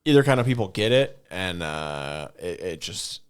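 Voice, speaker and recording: Male comedian guest, deep voice, casual and halting, lots of filler. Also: very animated, clear, resonant tone. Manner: hesitant, full of ums, trailing off. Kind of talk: casual podcast chat.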